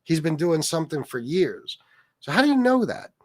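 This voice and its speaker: Male streamer, profane and mocking, reads chat aloud, lively swinging pitch, fairly high voice, dry close sound. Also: normal speed, no echo. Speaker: livestream host. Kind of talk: casual livestream commentary reading chat.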